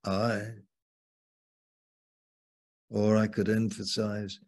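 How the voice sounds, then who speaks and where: A man preaching as a Bible teacher over a video call, slow and fervent, leaning hard on key words. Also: low-pitched, flat delivery.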